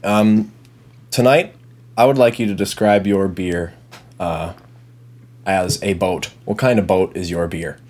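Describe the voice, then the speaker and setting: A man's voice: sits low, a little slow, long pauses, a little mellow. A man hosting a casual beer podcast with friends, playful and goofy. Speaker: podcast host. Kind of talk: casual chat about beer.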